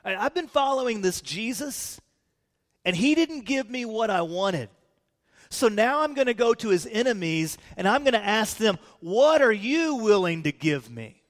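A man acting out a greedy, indignant man who schemes for money, pushing his words out raised and slow. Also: high voice, animated, in a large hall, pitched above the performer's own voice. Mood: scheming. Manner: raised, slowed, pushy delivery.

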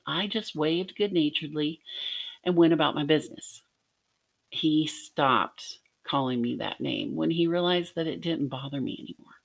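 A woman's voice: sits low, gravelly. A middle-aged woman from Arkansas teaching a devotional lesson, telling a personal story in an earnest way with light laughs. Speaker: podcast teacher.

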